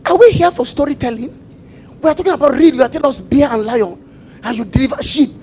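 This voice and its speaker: High-voiced preacher, emphatic. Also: male voice, lively intonation, fast talker, creaky, a little hiss or hum, low-quality recording. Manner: emphatic call-and-response preaching with repetition; shifts between loud shouting and quiet asides. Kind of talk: sermon.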